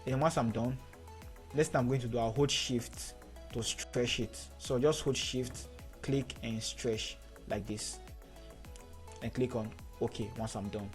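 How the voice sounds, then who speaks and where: A man teaching photo editing in a screen-recorded tutorial, giving steady step-by-step instructions and repeating key points. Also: mid-range voice, unhurried, soft background music.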